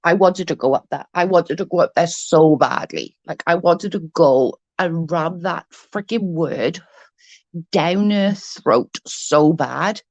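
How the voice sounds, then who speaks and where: A woman's voice: lowish voice, takes it slowly, no echo. A woman in her thirties telling a story on her vlog in a casual, heated way, swearing freely and acting out what was said. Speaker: vlogger.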